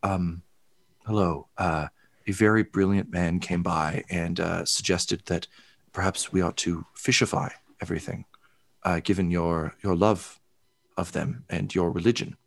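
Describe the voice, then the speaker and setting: A man's voice: deep voice, fairly even intonation, unhurried, vocal fry, dry recording. A man voicing a timid female dwarf decorator who speaks hesitantly. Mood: meek. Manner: meek, hesitant.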